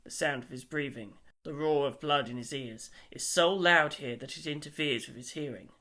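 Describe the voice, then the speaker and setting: A man reading a story aloud as an audiobook narrator, in a measured and wry manner. His voice sits a little high and sounds bright and forward.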